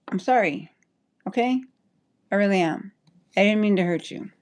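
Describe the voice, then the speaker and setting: A woman's voice: medium pitch, unhurried, pauses often, a little mellow. A woman chatting on a livestream, rambling and apologetic, stopping and restarting her sentences. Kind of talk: casual livestream chat.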